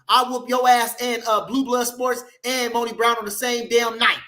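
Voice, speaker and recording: A man hosting a boxing channel livestream, reading the chat and trash-talking loudly and profanely, with many "you know" fillers. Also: very high voice, steady tone, normal speed, few pauses. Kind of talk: livestream rant.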